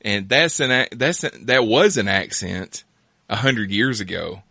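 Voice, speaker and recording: Bright-voiced chatty male host. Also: on the low side, unhurried, creaky, slightly rough, no echo, studio quality. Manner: chatty, laughs easily, rambling asides. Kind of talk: casual chat.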